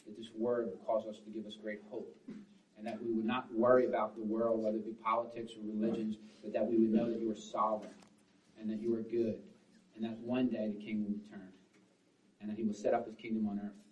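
A man preaching a sermon as pastor, swinging between forceful, loud lines and hushed, quiet ones. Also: fairly low pitch, little pitch movement, brisk. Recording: roomy, distant, dull sound.

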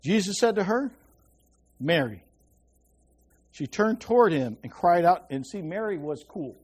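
A man whose voice sits high, with lively intonation and a moderate pace, gives a conversational Bible teaching. Checking in with listeners often, he turns hushed whenever he wants to emphasize something.

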